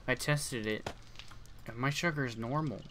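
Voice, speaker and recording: A man's voice: medium pitch, moderate pace, bright, forceful tone, slight background noise. A young man casually commenting on his gameplay for viewers, yawning and talking about feeling tired. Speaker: gaming streamer. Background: keyboard clicks and typing.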